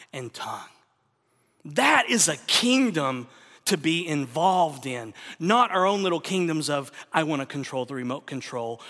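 Emphatic preacher with a bright, high voice. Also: male voice, big-room sound. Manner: emphatic, swings from loud to hushed. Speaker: pastor. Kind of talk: sermon.

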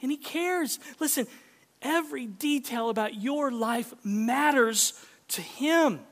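A male pastor preaching a sermon, self-deprecating and conversational, dropping to hushed whispers for emphasis. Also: very high-pitched, slow pace. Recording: long hall reverb.

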